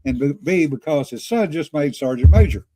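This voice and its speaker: A man's voice: on the high side, lively intonation, a little fast, warm tone. A man co-hosting a casual livestream chat, telling stories and laughing often. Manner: chatty storyteller, laughs often. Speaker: podcast co-host.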